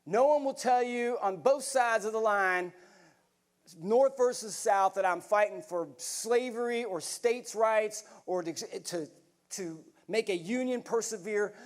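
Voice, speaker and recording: High-voiced man giving a talk. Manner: storytelling, earnest and folksy, addresses crowd as y'all. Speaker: keynote speaker. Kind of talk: motivational speech. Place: conference hall.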